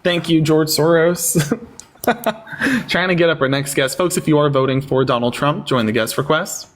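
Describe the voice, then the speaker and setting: A man's voice: on the high side, normal speed. A man hosting a live-stream debate, sarcastic and taunting with callers, thanking viewers in casual chat. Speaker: livestream debate host.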